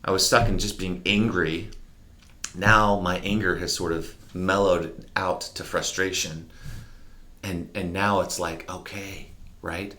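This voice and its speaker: Interview guest, male, very deep voice, candid reflective storyteller, animated delivery. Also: measured pace. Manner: candid, animated, mimics horn sounds.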